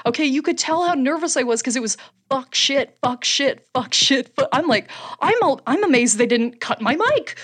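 A woman who co-hosts a podcast and does stand-up, telling a story in a loose, animated way, with frequent laughter and casual swearing. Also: high voice, moderate pace. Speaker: podcast co-host and stand-up comedian.

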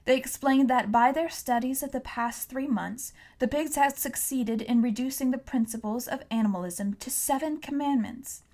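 A woman reading a classic novel aloud as audiobook narrator, telling the story steadily and clearly. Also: high-pitched, moderate pace, few pauses, a little mellow. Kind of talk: scripted narration.

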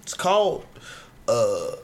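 A man guest on a casual podcast, talking in animated, swearing banter and often laughing as he talks. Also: medium pitch, takes it slowly.

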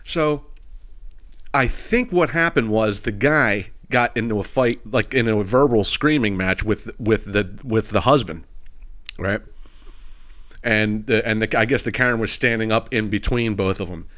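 This podcast host rants casually and profanely through his stories, scattering filler phrases and cracking himself up. His voice is on the low side, a bit bright, and unhurried.

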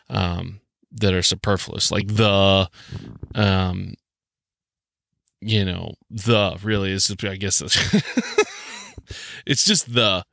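A man's voice: on the low side, creaky, a bit bright, no room sound, studio quality. A man with a Southern US accent hosting a rambling, joking solo podcast, full of ums and restarts. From southern United States. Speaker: podcast host.

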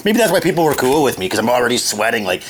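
A man telling a story in casual chat, animated and joking, swearing freely. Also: medium pitch, very fast. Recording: noisy with clicks.

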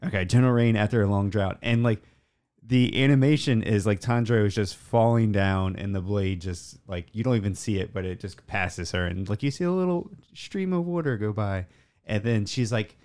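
A man's voice: lowish voice, moderate pace, a little mellow. A man casually recapping an anime episode on a podcast, rambling with many fillers and acting out the characters' lines. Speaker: podcast co-host.

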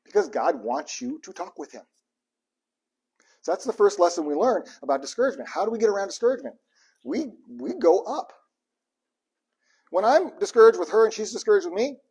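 A man preaching a relaxed, conversational sermon, his pitch leaping up and down as he acts out lines of scripture. His voice sits a little high for a man and has a husky grain to it. He jokes with the room between readings. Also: fairly quick, long pauses. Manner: lively and joking, acts out the psalms' cries to God. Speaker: pastor.

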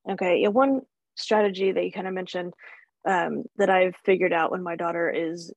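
A woman's voice: lowish voice, steady tone, moderate pace, no room sound, lo-fi sound. A woman hosting a parenting podcast, telling her own story in a hesitant, conversational way with light laughs. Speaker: podcast host and mother. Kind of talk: podcast interview.

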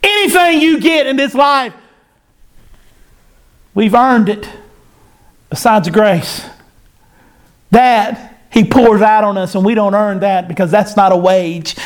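A man's voice: high-pitched, takes it slowly, long pauses. A man preaching a sermon, in an impassioned cadence that rises and falls.

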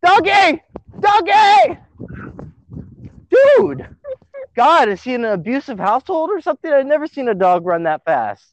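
Dude rambling on his podcast, kinda high voice, swears a lot, dry muffled sound. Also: quick pace, hardly any pauses, dry recording. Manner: excitable, swears freely, trails off mid-sentence. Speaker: podcast host. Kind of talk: casual podcast chat.

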